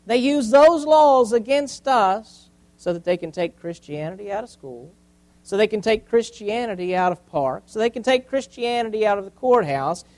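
A high-voiced man preaching from the pulpit. He hammers points with repetition and lets his voice fall to a hush for effect before rising again. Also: expressive, normal speed, low-quality recording. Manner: preaching with swings from loud emphasis to quiet, repeated phrases. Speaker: pastor. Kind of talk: sermon.

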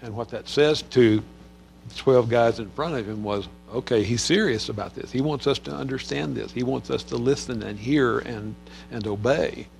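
Gravelly man teaching the Psalms. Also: medium pitch, normal speed, soft background music. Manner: conversational, with many fillers and restarts. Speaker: Bible teacher. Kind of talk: Bible study teaching.

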